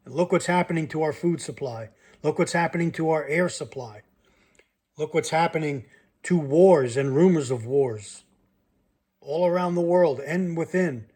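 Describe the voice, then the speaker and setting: A man's voice: on the high side, moderate pace, a little mellow, breathy edge. A man reading Bible verses aloud and breaking off to comment and challenge his listeners, as in a sermon. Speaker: Bible teacher.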